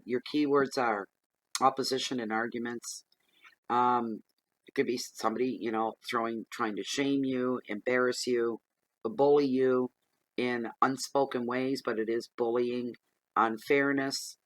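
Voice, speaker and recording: A man's voice: medium pitch, fairly bright tone, no echo, poor audio. A man giving a casual tarot reading, chatty and plain-spoken, often repeating himself as he gives direct advice. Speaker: tarot reader.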